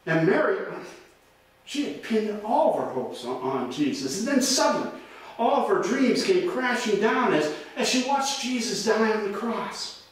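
Man preaching easter sermon, high voice, mic kinda far off, lots of church echo. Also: big pitch swings, a little slow, a little hiss or hum. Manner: earnest preaching with frequent word repeats. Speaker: pastor. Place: church sanctuary. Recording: roomy echo, voice from a distance.

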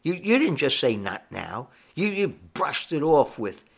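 A man's voice: on the high side, big pitch swings, normal speed. A man preaching a sermon, emphatic and full of rhetorical questions, repeating his points.

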